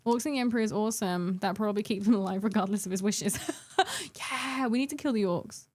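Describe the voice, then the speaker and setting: A woman's voice: mid-range voice, fast talker, a little mellow. A young adult woman chatting casually with her live-stream chat while painting miniatures, giggling and bantering playfully.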